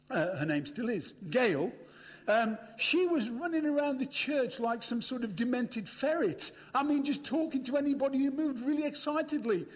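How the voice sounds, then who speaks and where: An older British man preaching a storytelling sermon, chatty and humorous, talking straight to a live audience. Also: very high-pitched. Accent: British English. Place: large hall with a live audience. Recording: echoey hall.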